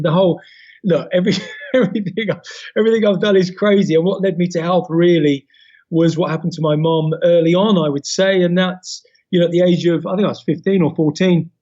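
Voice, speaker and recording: A man with a London accent, a podcast guest telling his life story in an animated way, with many fillers and restarts. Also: fairly high pitch, dull audio. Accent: London English. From England. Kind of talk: casual interview chat.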